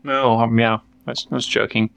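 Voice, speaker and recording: A man's voice: mid-range voice, flat delivery, brisk, creaky, fairly bright tone, no echo. A man co-hosting a podcast in casual chat, rambling with lots of fillers and restarts. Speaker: podcast co-host. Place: workshop.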